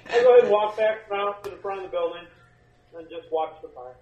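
A man's voice: sits high, a little fast, a little mellow, distant mic. A man playing a tabletop game, talking in a laid-back drawl, heard in a dull, echoey room recording. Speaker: player. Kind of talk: casual tabletop game talk.

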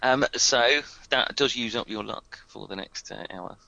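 Bright, dry-voiced man running the game. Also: mid-range voice, a little slow, vocal fry, no echo, highs cut off. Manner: hesitant, full of ums while narrating. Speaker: game master. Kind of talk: narrating a tabletop game.

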